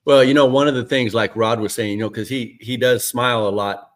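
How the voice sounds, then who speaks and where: A man co-hosting an interview, speaking calmly and reflectively, often adding short agreeing sounds. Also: medium pitch, fairly quick. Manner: calm, reflective, backchannels often. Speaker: co-host. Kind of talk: casual interview chat.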